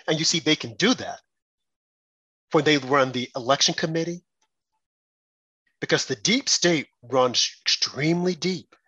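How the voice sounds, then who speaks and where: A man's voice: measured pace, long pauses, pushed and bright, breathy edge, no echo, muffled recording. A man delivering an indignant political commentary monologue, mocking his opponents by quoting them in a raised voice. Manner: mocking put-on quotes of opponents in raised pitch; indignant, rhetorical.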